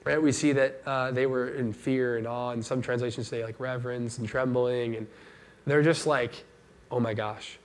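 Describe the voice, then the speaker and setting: At normal speed and with a medium-pitched voice, a male pastor gives an informal sermon, lively and conversational, imitating the people he quotes.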